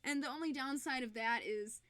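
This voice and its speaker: A woman's voice: high-pitched, a little fast, fairly bright tone, no echo. A young woman with a Michigan accent chatting casually on a live stream while she crafts, giggling often between sentences. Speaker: fursuit maker and streamer.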